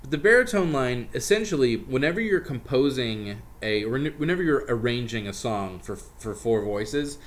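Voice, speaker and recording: A man in casual group chat, explaining barbershop singing with jokes and quick asides. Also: medium pitch, lively intonation. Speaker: comedian teaching barbershop singing.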